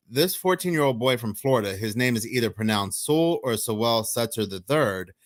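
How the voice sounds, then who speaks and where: Male news commentator, mid pitch, plain read of articles and chat logs, dry close recording. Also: a bit bright, no room sound.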